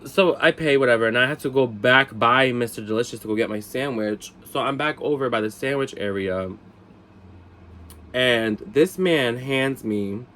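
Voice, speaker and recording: A man telling a casual storytime vlog from his bed, animated, jumping high for quoted lines and exclamations, then dropping into quiet asides, a little tipsy. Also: slight background noise. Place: bedroom, sitting on the bed.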